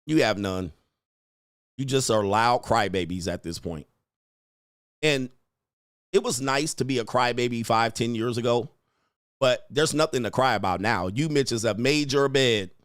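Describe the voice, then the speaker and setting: A man's voice: medium pitch, moderate pace, no echo, clean studio sound. A man hosting his own livestream, talking straight to his viewers in a brash, profane, mocking way and taunting them. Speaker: livestream host. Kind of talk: livestream rant to chat.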